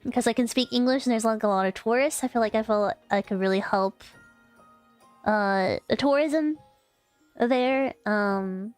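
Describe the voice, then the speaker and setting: Chatty woman streamer, slightly high voice. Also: moderate pace, clear, resonant tone, soft background music. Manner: rambling, with many fillers and restarts. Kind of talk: casual storytelling chat.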